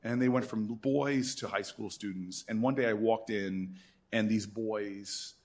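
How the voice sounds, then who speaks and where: A man in his fifties, a senator, telling animated stories at an alumni event and acting out the people he quotes. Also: on the low side, unhurried. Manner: animated storyteller who acts out quoted voices. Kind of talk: storytelling speech.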